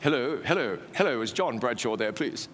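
A man's voice: mid-range voice, expressive, brisk, fairly bright tone, a little hiss or hum, pitched below the performer's own voice, close to an everyday voice. A man voicing a polite English male pastor on the phone, with a formal, courteous manner and an English accent.

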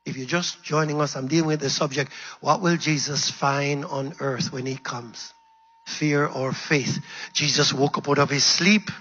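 A male preacher delivering an animated sermon that swings between loud shouts and low murmurs, calling out to his congregation. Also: measured pace, husky, highs cut off. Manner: calls out to the congregation.

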